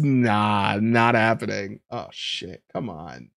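A man's voice: mid-range voice, takes it slowly, creaky, dry recording, studio quality. A young man streaming live, chatting casually and laughing as he ranks fruits and reads chat. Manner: chatty and laughing, animated, reading chat aloud.

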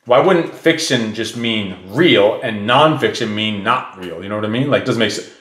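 A man's voice: on the low side, moderate pace, a bit bright, reverberant. A man hosting a casual podcast, telling a rambling joking story and teasing his co-hosts. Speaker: podcast host. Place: small home studio.

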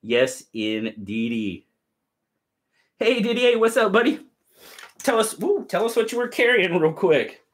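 Man, live stream host, casual chat, lively swooping voice, a bit high. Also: measured pace, long pauses. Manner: upbeat, greets viewers by name.

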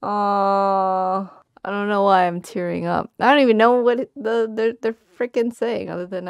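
A woman's voice: medium pitch, steady tone, normal speed, smooth, no echo. A woman hosting a music reaction video, talking casually with frequent exclamations and slang.

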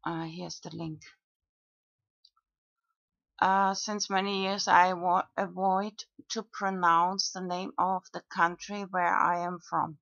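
A woman talks through her own video comments in a slow monologue, pausing often between fillers. Her pitch sits low and barely moves. The recording is dry and dull, with a muffled lo-fi tone. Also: vocal fry, no room sound. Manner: slow, flat, with frequent pauses and fillers. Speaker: video blogger.

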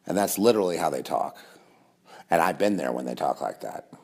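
A man's voice: rumbling low, lively intonation, fairly quick, gravelly, a little mellow, slightly rough. A man delivering a rambling monologue to camera, sarcastic, with mocking asides. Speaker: conspiracy video host.

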